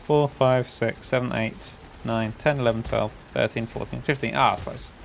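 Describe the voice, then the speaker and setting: A man co-hosting a game stream, teasing his partner with quick quips and giggles. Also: medium pitch, fairly even intonation, vocal fry, faint music behind. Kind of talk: casual banter while gaming.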